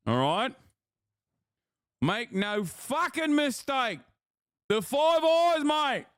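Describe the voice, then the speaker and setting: A man's voice: extremely high pitch, sing-song, very slow, smooth, dry recording, studio quality, pitched above the performer's own voice, heavily acted. A man putting on a crude Aussie bloke. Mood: mock-defiant. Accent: put-on Australian. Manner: loud, swearing, insistent denials. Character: exaggerated brash Aussie bloke, loud and crude. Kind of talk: livestream bit.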